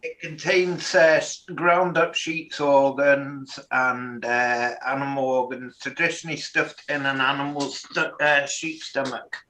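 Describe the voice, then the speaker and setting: A man with a faint Scottish accent, talking gruffly and swearing in a casual chat. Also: mid-range voice, a little slow, sharp tone, low-quality recording. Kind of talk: casual banter.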